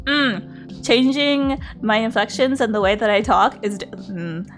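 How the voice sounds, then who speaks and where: A woman's voice: a little high, unhurried, faint music behind. A woman streamer in casual livestream chat, chatty and laughing often.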